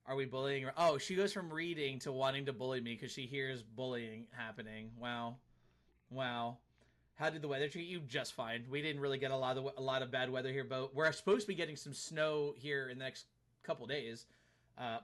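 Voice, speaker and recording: A man's voice: mid-range voice, a bit bright. A man streaming a game live, chatting casually and laughing as he reads and answers his chat. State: tired arms after a workout.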